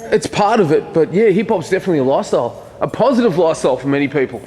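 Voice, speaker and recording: A man's voice: on the high side, animated, rapid-fire, dark tone. A man interviewing casually, with enthusiastic short reactions. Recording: noisy on-location recording.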